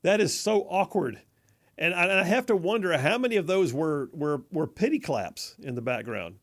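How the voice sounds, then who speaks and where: A man hosting a conservative talk radio show in a studio, mocking and animated, stretching words for emphasis. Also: a little high, a little fast. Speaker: radio host. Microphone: studio mic.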